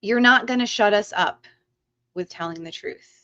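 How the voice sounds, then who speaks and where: A livestream host rants heatedly and swears freely. Her medium-pitched voice moves at a moderate pace and sounds pushed and bright. The stream audio is dull and lo-fi.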